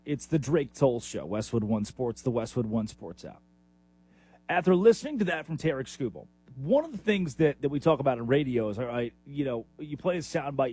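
A man's voice: a little high, slightly rough, no room sound. A man hosting a sports talk radio show, delivering an opinionated, emphatic monologue. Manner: animated, opinionated, emphatic with sudden rises.

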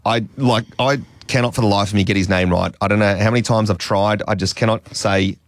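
A man's voice: fairly low pitch, steady tone, fairly quick, no room sound, clean studio sound. Chatty Australian radio host man. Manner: chatty, self-mocking, laughs often. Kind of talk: casual radio chat.

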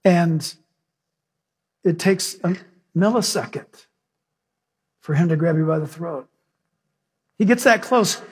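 A male pastor preaching a sermon with animated storytelling, acting out the characters in his stories. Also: on the high side, slow pace, pauses often, husky.

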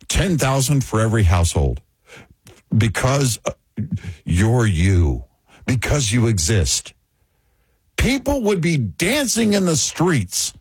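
A man hosting a political talk show, speaking in a frustrated, emphatic way with a husky voice. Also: medium pitch, huge pitch swings, takes it slowly, pauses often, no echo.

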